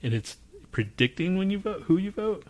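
A man's voice: sits high, sing-song, normal speed. A man co-hosting a podcast in casual chat, ranting in a jaded, heavily profane way. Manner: profane, grumbling, jaded rants. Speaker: podcast co-host.

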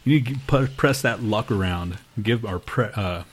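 A man's voice: on the low side, moderate pace, a little hiss or hum. A man hosting a podcast in casual chat, crude and joking, swearing often and laughing a lot. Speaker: podcast host.

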